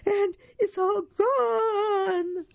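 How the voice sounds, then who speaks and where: A storytime reader voicing a tiny, whiny baby crocodile in a high squeaky storybook voice. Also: fairly even intonation, extremely slow, gravelly, no room sound, dull audio, heavily acted.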